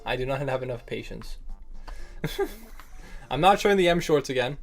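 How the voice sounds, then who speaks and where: A man's voice: medium pitch, animated, quick pace, faint music behind. A young man streaming and chatting casually with viewers, joking and laughing often and calling people bro and man. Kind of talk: casual livestream chat.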